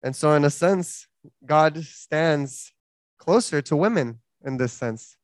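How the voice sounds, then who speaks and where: Earnest man preaching, smooth clear voice. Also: fairly high pitch, expressive, takes it slowly, no room sound. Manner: reflective, earnest, builds through repeated phrases. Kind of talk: sermon.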